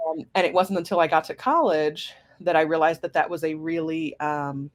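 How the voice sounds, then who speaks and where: A woman co-hosting a podcast who introduces herself in a casual, conversational chat, with quick affirmations while her partner talks. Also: sits low. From United States. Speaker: podcast co-host, career coach.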